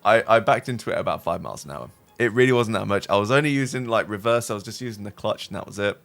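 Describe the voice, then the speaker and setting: A man casually telling a long story to his stream chat, animated and rambling, swearing freely and tagging sentences with "right?". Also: lowish voice, vocal fry. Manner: animated, rambling, swears a lot, tag questions. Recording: faint music behind. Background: faint music.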